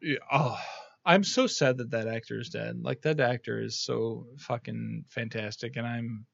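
A man's voice: medium pitch, normal speed, gravelly, dry recording, lo-fi sound. A man hosting a podcast in loose, rambling talk, cursing freely and padding his speech with fillers. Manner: rambling, profane, lots of fillers. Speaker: podcast host. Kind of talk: casual podcast chat.

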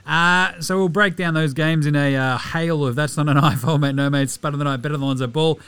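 A man's voice: a little high, brisk, smooth, no room sound. A man with an Australian accent hosting a podcast in casual, irreverent banter, reading an ad with jokes. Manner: jokey, irreverent, lively banter. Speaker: podcast host. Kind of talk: casual podcast chat and host-read ad. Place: podcast studio.

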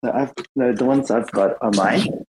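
A man's voice: medium pitch, moderate pace, darkish tone, breathy edge, low-quality recording. A man from Australia with an Australian accent, talking in a modest, laid-back way. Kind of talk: casual chat.

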